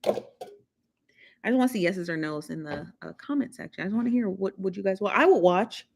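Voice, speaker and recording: A woman's voice: medium pitch, fairly quick, vocal fry. Woman, livestream host, casual chat, teasing, AAVE, mid-range voice. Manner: chatty, laughing, teasing the chat. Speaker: live show host.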